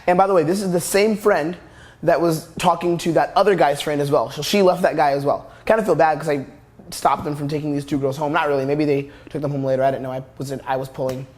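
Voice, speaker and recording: A man's voice: on the high side, fairly even intonation, fast, darkish tone. A young man coaching on dating, talking bluntly and crudely over video footage. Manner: blunt, crude, repeats "literally".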